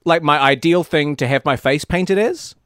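A man co-hosting a casual, comedic podcast chat with deadpan, dry wit. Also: fairly high pitch, moderate pace, clear, resonant tone, no echo. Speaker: podcast co-host.

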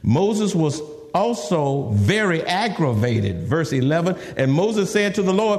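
Animated high-voiced male preacher. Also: a little slow, in a large hall. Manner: animated, laughing asides, acts out scripture in a raised voice. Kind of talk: sermon.

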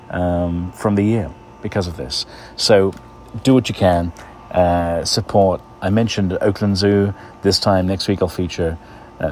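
A man's voice: sits low, slight background noise. A man hosting a casual segment, chatting loosely with lots of fillers. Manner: relaxed, chatty, many uh fillers. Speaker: radio host. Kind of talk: casual weekly segment chat.

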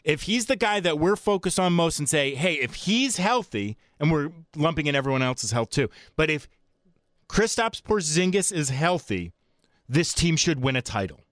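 A man's voice: on the high side, normal speed, no echo, clean studio sound. A man hosting sports talk radio, blunt and opinionated, ranting in bursts. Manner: opinionated, blunt, animated rants.

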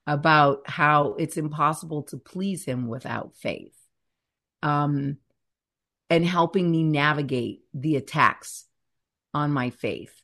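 A woman in her fifties, a guest author, speaking earnestly and animatedly about faith, fear and scripture. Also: sits low. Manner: earnest, animated storyteller who stretches key words. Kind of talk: faith-centered interview talk.

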